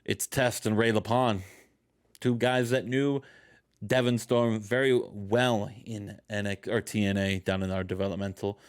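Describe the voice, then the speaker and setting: A man's voice: on the low side, steady tone, a little slow, clean tone. A man hosting a casual game playthrough, rambling and joking as he tells the story. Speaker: host. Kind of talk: casual let's-play commentary.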